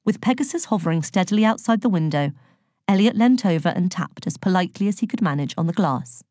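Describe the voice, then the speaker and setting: A woman's voice: lowish voice, animated, fast talker, a little mellow, no echo, clean studio sound. A woman narrating a children's storybook aloud, reading expressively and giving each character a voice. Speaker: audiobook narrator.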